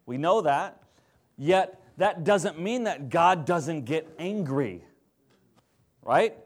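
Pastor, man, slightly high pitch; casual sermon delivery that swells into forceful emphasis. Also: animated, slow pace. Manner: conversational preaching, rising to emphatic.

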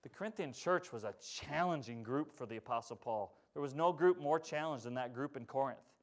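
A man preaching a sermon as pastor, swinging from loud urgent passages to quiet earnest ones and calling out to the congregation for responses. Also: medium pitch, brisk.

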